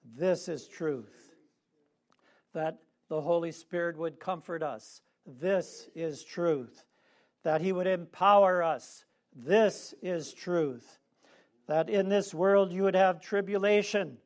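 A man preaching a sermon, leading the congregation in call-and-response with slow, emphatic phrasing. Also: high-pitched, steady tone.

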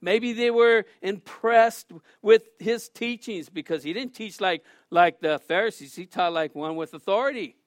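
A middle-aged male pastor delivers a sermon in a high-pitched voice, animated and full of storytelling. He acts out the people in his stories with quick shouts and laughter. The recording is dry and close, with no room echo.

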